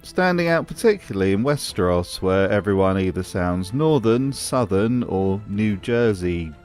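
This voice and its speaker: A man narrates his commentary with dry, teasing mockery. His voice sits a little low but swings widely in pitch. Faint music plays behind him. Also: lively intonation, moderate pace, a little mellow. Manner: dry, mocking. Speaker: video essay host. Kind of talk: scripted commentary voice-over.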